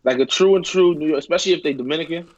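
A man's voice: on the high side, rapid-fire, darkish tone, dull audio. A man co-hosting a podcast, telling stories and teasing his friends in casual chat. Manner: teasing storyteller. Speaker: podcast co-host.

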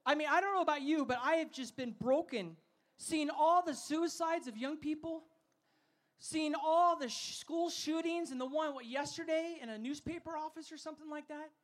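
A man giving a sermon as a festival speaker. He tells funny stories and has the audience shout words back to him. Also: very high-pitched, normal speed. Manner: energetic, asks the crowd to call back; humorous storytelling.

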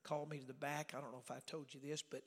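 A middle-aged man preaching a storytelling sermon in a folksy way, swinging from loud preaching to hushed asides. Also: on the high side, level tone, quick pace, husky. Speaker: evangelist preacher. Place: church sanctuary. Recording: reverberant church hall.

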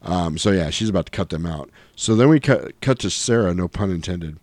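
A man's voice: sits low, lively intonation, a little fast, darkish tone, no echo. A man casually retelling a film's plot on a podcast, acting out the characters' lines as he goes. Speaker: podcast host. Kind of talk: casual movie recap chat.

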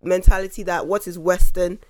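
A woman's voice: fairly low pitch, level tone, fairly quick, darkish tone. British-accented woman arguing her point in a group chat, emphatic. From Nigeria. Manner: talks over others, insistent and emphatic. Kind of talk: casual debate.

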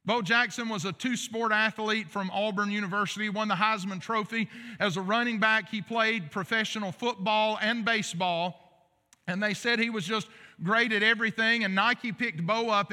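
A man's voice: sits high, steady tone, normal speed, pushed and bright. A middle-aged man preaching a sermon in a church, earnest and emphatic, repeating phrases for weight. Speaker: pastor. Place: church sanctuary. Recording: long reverb of a large hall.

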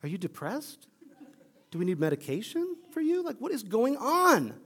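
A man's voice: extremely high pitch, huge pitch swings, normal speed, fairly bright tone, slightly rough, voice pushed up, exaggerated voice. A man voicing an exasperated male disciple who argues with his teacher in casual modern slang. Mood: incredulous. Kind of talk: acted quote within a sermon.

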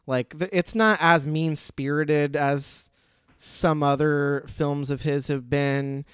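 A man with a slightly higher voice, smooth and clear, hosting a casual movie review chat. He talks loosely, swears freely and laughs easily. The sound is dry and close. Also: fairly even intonation, takes it slowly, a bit bright, dry recording. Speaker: podcast host.

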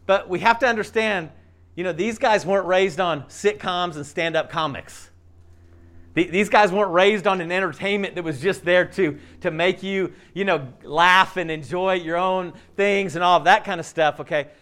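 A man preaching a sermon, telling a story in animated fashion, acting out the characters' lines and checking in with frequent asides. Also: normal speed. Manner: swings from loud emphasis to hushed low asides. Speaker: pastor.

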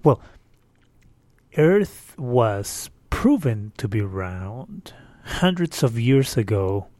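A man hosts his own casual solo podcast, chatty and exasperated, rambling with fillers. His medium-pitched voice is sing-song, very slow, and a little mellow. The dry recording comes from a distorted home microphone with a windscreen.

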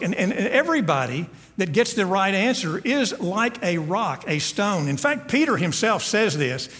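A man's voice: high-pitched, very animated, moderate pace, a bit bright. A man preaching a sermon to his congregation as pastor, earnest and often repeating words as he searches for the next one. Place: church sanctuary. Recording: long hall reverb.

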